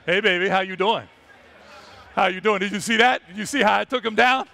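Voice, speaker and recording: A man's voice: high-pitched, brisk, vocal fry, pushed and bright, voice pushed down, exaggerated voice. A man voicing a boastful male lion who brags and flirts with a lioness during a talk. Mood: swaggering. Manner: bragging, coaxing.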